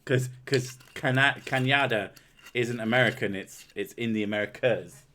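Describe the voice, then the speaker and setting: A man's voice: medium pitch, normal speed, crowd noise. A man hosting his own stream, swearing and joking his way through casual banter with friends. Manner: crude, swearing, joking loudly. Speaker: streamer and channel host.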